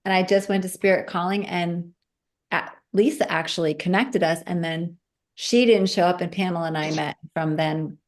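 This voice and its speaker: A woman's voice: lowish voice, normal speed. A woman guest telling a personal story in a casual chat, acting out the voices of the people in it. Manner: animated, acts out quoted voices.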